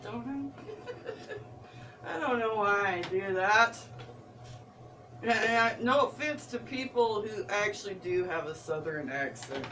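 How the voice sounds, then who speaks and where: A woman's voice: mid-range voice, expressive, unhurried, pauses often. A woman with a Midwestern accent rambles through a folksy story on her home vlog. She drifts off topic, laughs often and drawls her words. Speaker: vlogger. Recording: distant mic, faint background noise.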